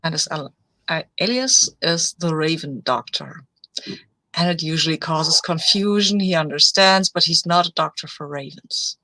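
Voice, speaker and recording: A player with a bright, sharp voice, calmly explaining their character. The sound is dry and close. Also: medium pitch, normal speed, dry recording, low-quality recording. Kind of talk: casual chat at a tabletop game.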